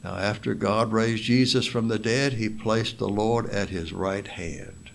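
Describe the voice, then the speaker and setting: A man preaches a sermon at a very unhurried pace. His voice sits low, and he leans on single words one by one, as if teaching. He reads scripture in old-fashioned wording. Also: creaky, a little hiss or hum. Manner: slow, deliberate, stressing single words; reads scripture aloud in King James wording.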